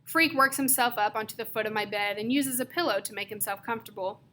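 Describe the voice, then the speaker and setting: A woman reads a novel aloud in a lively storytelling manner, shifting her emphasis from line to line. Her voice is bright and sits somewhat high. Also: fast talker, slight background noise. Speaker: reader.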